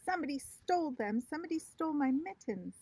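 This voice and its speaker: A woman voicing a spunky, dramatic little girl who shouts and whines indignantly. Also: high voice, lively intonation, fast, dry recording, voice pushed up, rough recording. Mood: upset.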